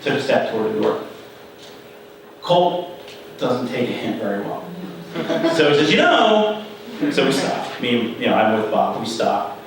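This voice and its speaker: A middle-aged man giving a conference talk, telling a story in a conversational, animated way and acting out the people in it. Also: on the low side, moderate pace, gravelly, long pauses, slight background noise. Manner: conversational, animated retelling with quoted voices. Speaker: conference speaker. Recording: echoey hall from far off.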